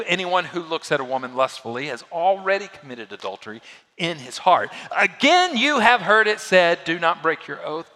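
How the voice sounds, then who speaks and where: A male pastor delivers a sermon in a bright, forceful voice that swings widely in pitch. He pushes hard on key phrases and then falls to quiet, hushed lines. The sound carries a long reverb, as in a large hall. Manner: dynamic preaching, swinging from loud emphasis to hushed lows.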